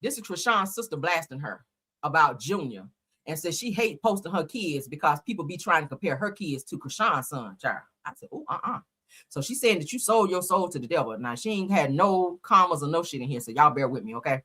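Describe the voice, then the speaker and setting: Woman host, casual gossip commentary, bright and very lively delivery, profane. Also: deep voice, brisk, slightly rough. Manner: animated and profane, laughing often, reads posts aloud.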